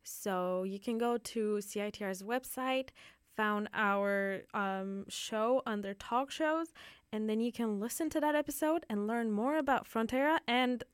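A woman's voice: a little high, measured pace, smooth, dry recording, studio quality. A young woman hosting a radio talk show, reviewing plays in a rambling, giggly way with many fillers and restarts. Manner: giggly, rambling, full of fillers and self-corrections. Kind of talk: casual theater review chat. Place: radio studio.

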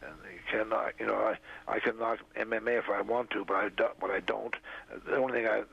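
An older man, a raspy-voiced interview guest, tells a long story in a halting way, full of "uh" fillers, on a dull lo-fi recording. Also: on the low side, little pitch movement. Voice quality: gravelly, raspy. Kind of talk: rambling storytelling. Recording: dull lo-fi radio sound.

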